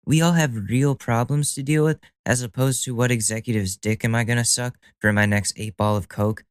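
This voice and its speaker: A man's voice: mid-range voice, steady tone, moderate pace, clear, resonant tone, no echo. Sardonic, profane male podcast host. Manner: profane, sardonic, laughs at own jokes. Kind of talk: casual solo podcast monologue.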